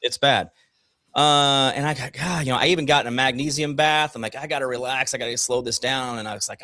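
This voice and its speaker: A man's voice: medium pitch, moderate pace, no echo, clean studio sound. A man co-hosting a casual morning talk show, telling a long personal story and acting out the people in it. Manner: animated storyteller, acts out quotes, swears casually. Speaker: co-host.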